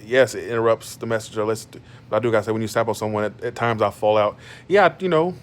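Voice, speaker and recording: A man's voice: on the low side, fast talker, slight background noise. A man in his thirties from Georgia, ranting bluntly to his stream audience from his bed, with many restarts. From Georgia, USA. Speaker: YouTuber. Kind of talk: casual monologue on a live stream. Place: in bed at home.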